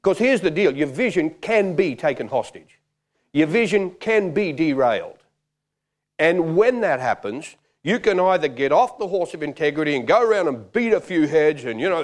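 A man's voice: a little high, moderate pace. A middle-aged man preaching a sermon and telling stories, acting out the voices in them. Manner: animated, acts out quoted voices. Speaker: pastor. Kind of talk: sermon with storytelling.

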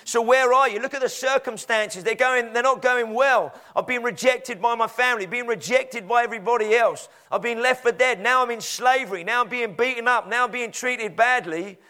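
A man's voice: extremely high pitch, normal speed, few pauses, pushed and bright, voice pushed up. A man voicing a wronged young man pleading. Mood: aggrieved. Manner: pleading, indignant.

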